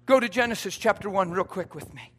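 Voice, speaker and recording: A man preaching a sermon to a congregation, swinging from quiet asides to loud emphatic points, folksy and joking. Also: sits high, fast talker, slightly rough. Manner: folksy, joking, quotes everyday sayings.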